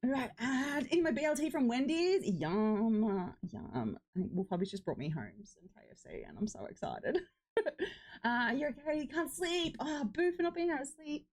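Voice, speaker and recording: Young woman, game streamer, bright-pitched and animated, chatty and affectionate. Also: moderate pace, poor audio. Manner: chatty and affectionate, greets viewers as "lovely" and "darling". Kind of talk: casual live-stream chat.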